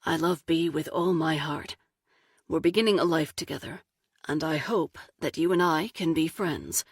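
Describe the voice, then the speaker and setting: A man's voice: a little high, normal speed, slightly rough, dry recording, studio quality. A woman doing an earnest, direct man. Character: earnest man apologizing, speaking from the heart.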